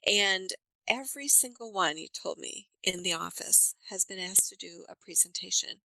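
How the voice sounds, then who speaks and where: Bright-voiced woman explaining eagerly. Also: medium pitch, moderate pace, gravelly, no room sound, rough recording. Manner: animated storyteller, explains with examples. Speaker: accent coach guest. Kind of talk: podcast interview.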